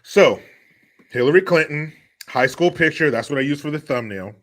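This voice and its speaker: A male livestream host with a bright, forceful voice. He reads viewer donations in a loose, chatty way and answers them with sarcastic jokes. He laughs often. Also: on the high side, animated, normal speed. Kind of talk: casual livestream chat.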